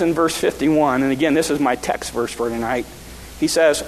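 High-voiced man preaching in a hall. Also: moderate pace. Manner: earnest, with frequent restarts and repeated words. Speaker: pastor. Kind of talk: sermon. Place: church.

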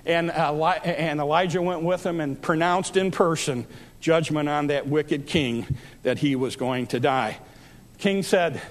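A man's voice: a little high, a little slow. A man preaching a sermon, telling a Bible story and acting out its speakers with rising emphasis.

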